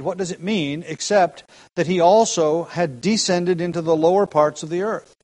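A pastor preaching an expository sermon, explaining the text slowly and repeating key phrases for emphasis. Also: male voice, high-pitched, darkish tone, rough recording.

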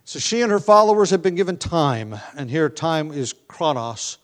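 A man preaching a verse-by-verse sermon, reading scripture with rising emphasis and slipping into relaxed asides with ums and light laughs. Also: on the high side, normal speed. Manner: conversational with filler ums and restarts. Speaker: pastor. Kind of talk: expository sermon.

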